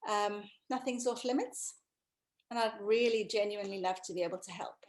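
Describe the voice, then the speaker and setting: A woman, a running coach chatting casually over a video call, relaxed and full of ums. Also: mid-range voice, a little fast, rough recording. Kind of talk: casual workout wrap-up and self-promotion.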